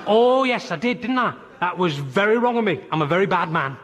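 A man's voice: high voice, expressive, fairly quick, fairly bright tone, long reverb tail. A man playing a cheery young sailor who wears a dead albatross, chirpy and matter-of-fact in a comedy sketch.

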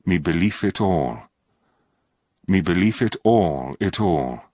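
An actor playing a poetry reader who recites a poem with a solemn, rhythmic, drawn-out delivery. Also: male voice, low voice, lively intonation, mellow, no room sound, clean studio sound, exaggerated voice. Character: deep-voiced actor reciting a patois poem. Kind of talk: slow dramatic recitation.

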